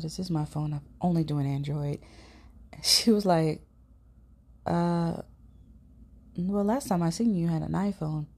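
A podcast host with a St. tells a personal story in a casual monologue. Her voice is low, husky and warm. She swears easily and slips into whispers now and then.

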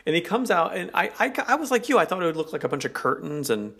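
A man's voice: on the high side, very animated, fast talker, sharp tone, husky. A man from America co-hosting a podcast, joking in casual chat and talking like he's on the radio. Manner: jokey, radio-like delivery. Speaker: podcast co-host.

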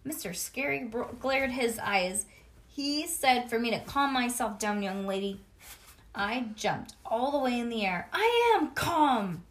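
A woman reading a children's storybook aloud to a child in an expressive, sing-song way. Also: on the high side, measured pace. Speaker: reader.

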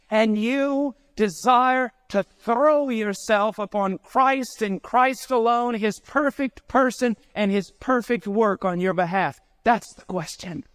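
A man's voice: high-pitched, slow, few pauses, a bit bright, clean tone, no echo, studio quality. A middle-aged man preaching a sermon, telling a story with passion and building to emotional peaks.

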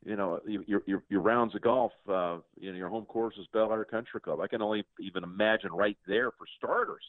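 A man with a very deep voice tells golf-broadcasting stories in an earnest, reflective way. He sounds dry and close, squeezed through a thin, phone-like band. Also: no echo. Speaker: guest sportscaster. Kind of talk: casual interview storytelling. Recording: tinny phone-like line, dry.

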